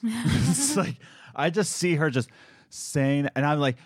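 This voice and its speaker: A young man co-hosting a podcast, telling animated stories in casual chat and acting out the people he quotes. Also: medium pitch, measured pace, no room sound, clean studio sound. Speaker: podcast co-host.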